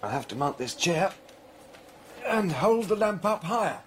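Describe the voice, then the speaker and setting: A man's voice: high voice, sing-song, measured pace, a bit bright, a little hiss or hum, exaggerated voice. An actor playing a nervous young male scholar alone at night, talking to himself and easily spooked. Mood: uneasy.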